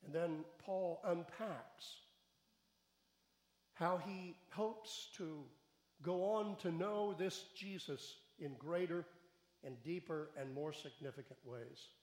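A man preaches slowly and deliberately, his voice sitting a little high. He builds from quiet reflection to raised, emphatic questions. The sound rings with the echo of a church room. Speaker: pastor. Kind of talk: sermon. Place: church sanctuary.

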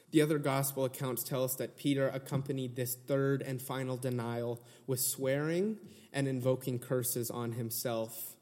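A man's voice: medium pitch, fairly even intonation, moderate pace, darkish tone. Man preaching in a reverberant hall. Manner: earnest, building to emphatic retellings. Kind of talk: sermon.

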